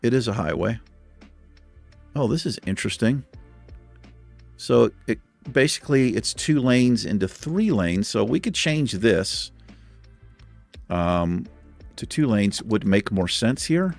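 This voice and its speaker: A man's voice: fairly low pitch, lively intonation, slow, creaky, long pauses, a little mellow, faint music behind. A man hosting a let's play, talking through his building with joking, self-deprecating asides and frequent chuckles. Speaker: gaming channel host.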